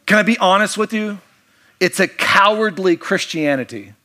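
Higher-voiced man preaching with humor. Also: moderate pace, bright, forceful tone. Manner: storytelling, jokey, acts out quoted voices. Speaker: pastor. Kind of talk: sermon.

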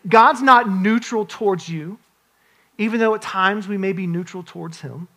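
A man's voice: sits high, moderate pace, bright, forceful tone. A man in his forties, a pastor, preaching an earnest, conversational sermon with frequent restarts and asides.

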